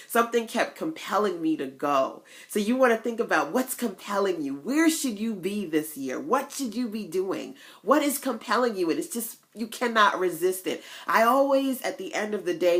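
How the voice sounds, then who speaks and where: A woman coaching online business owners in a casual motivational vlog, telling stories with folksy asides and sudden jumps to a much higher voice. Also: moderate pace, few pauses. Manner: chatty, animated storytelling with big pitch jumps.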